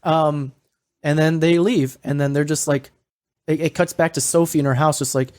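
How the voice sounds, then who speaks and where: A man's voice: on the high side, fairly even intonation, normal speed, a little mellow. A man hosting a podcast, retelling a video in a rambling casual way, with lots of fillers and swearing. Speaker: podcast host. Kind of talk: casual storytelling recap.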